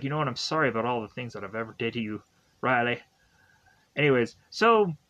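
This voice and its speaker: Brief young male reviewer, slightly higher voice, loose rambling recap with jokey asides. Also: bright, forceful tone, rough recording. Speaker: show reviewer. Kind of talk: casual recap commentary.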